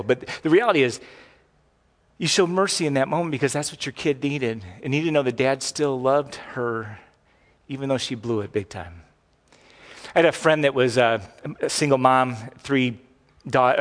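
A middle-aged man preaching a sermon as pastor, talking conversationally with frequent asides and restarts. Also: mid-range voice. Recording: long hall reverb.

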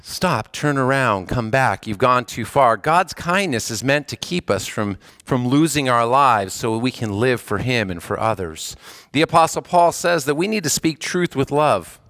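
A man's voice: medium pitch, lively intonation, a little slow, a bit bright, no room sound, studio quality. Earnest male pastor preaching. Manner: earnest, conversational preaching with rising emphasis. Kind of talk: sermon.

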